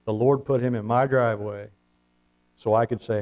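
A man's voice: mid-range voice, fairly even intonation, normal speed, darkish tone, lo-fi sound. A man preaching a sermon, telling folksy stories and calling out for amens. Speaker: pastor.

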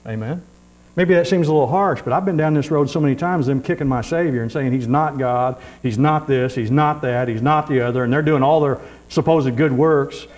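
A man's voice: mid-range voice, brisk, a little mellow, rough recording. A man preaching a sermon in a folksy, repetitive way, with frequent amens.

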